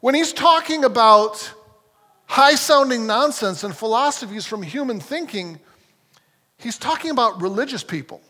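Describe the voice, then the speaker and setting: A man preaching a sermon as a pastor, talking in a lively, conversational way with frequent restarts. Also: very high-pitched, moderate pace. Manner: animated, conversational, self-correcting. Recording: long hall reverb.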